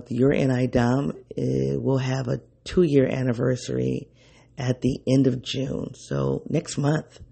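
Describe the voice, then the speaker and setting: A man's voice: medium pitch, creaky, warm tone, husky. A man hosting an unscripted solo podcast in his early-morning voice, rambling and correcting himself as he thinks aloud. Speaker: podcast host.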